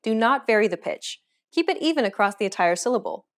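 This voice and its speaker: Clear, measured woman teaching pronunciation. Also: a little high, sing-song. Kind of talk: scripted lesson narration.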